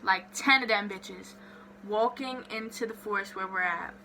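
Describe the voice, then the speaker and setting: A young woman vlogger telling a story in a casual, animated way, swearing freely and saying "like" a lot. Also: medium pitch, moderate pace, slight background noise.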